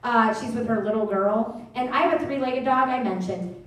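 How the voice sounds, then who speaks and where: Woman stand-up, raised-pitch voice, brash and foul-mouthed, echoey theater sound. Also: moderate pace, a bit bright. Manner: brash, profane storytelling. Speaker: stand-up comedian. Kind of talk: stand-up comedy set. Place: live comedy theater stage. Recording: echoey theater, mic at a distance.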